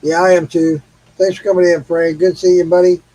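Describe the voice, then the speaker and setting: A man's voice: high voice, flat delivery, fairly quick, dark tone, no echo, poor audio. A middle-aged man from Missouri, tipsy, hosting a casual late-night chat with loose swearing and easy laughs. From Missouri, USA. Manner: laid-back, swears freely, laughs often. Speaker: host of a live stream.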